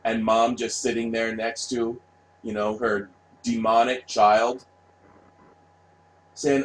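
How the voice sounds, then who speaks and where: A man's voice: mid-range voice, little pitch movement, takes it slowly, pauses often, a little hiss or hum, rough recording. A man ranting bluntly in a solo monologue. He swears freely, repeats himself and keeps asking "right?". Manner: profane, blunt, repetitive, asks "right?" often. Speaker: vlogger.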